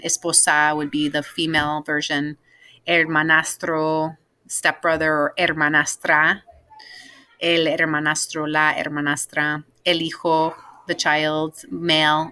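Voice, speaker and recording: Bright-voiced woman teaching Spanish vocabulary. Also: low-pitched. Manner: patient, explains vocabulary step by step with many ums. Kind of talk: recorded class lesson.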